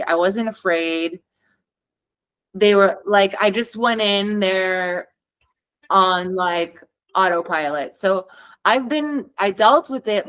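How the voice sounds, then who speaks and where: On a low-quality recording, a woman with a medium-pitched voice shares a personal story as a podcast guest. She's frank and chatty, voicing the dialogue she recounts in this conversational storytelling.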